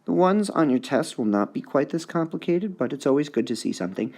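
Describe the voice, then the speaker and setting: A male high school English teacher giving a recorded lesson on poetic meter, repeating words to sound out their stresses. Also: sing-song, brisk, hardly any pauses, a little mellow. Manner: sounds out syllables to mark the stresses.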